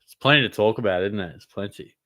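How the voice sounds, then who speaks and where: With a fairly low voice and a fast delivery, a young Australian man answers fantasy football questions from viewers during a casual live stream Q&A. He's relaxed and blokey, calls people mate, and there's no room sound.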